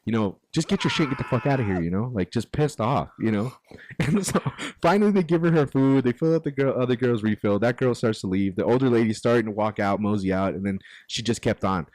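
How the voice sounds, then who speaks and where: Brief: male podcast host, rapid-fire storyteller, swears freely, close dry sound. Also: medium pitch, dry recording. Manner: profane, animated anecdote-telling. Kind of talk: casual storytelling.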